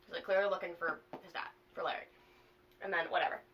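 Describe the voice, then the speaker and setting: A young woman vlogger casually retelling a plot to a friend, animated and full of swearing and fillers. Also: on the low side, fast talker, distant mic, highs cut off, a little hiss or hum.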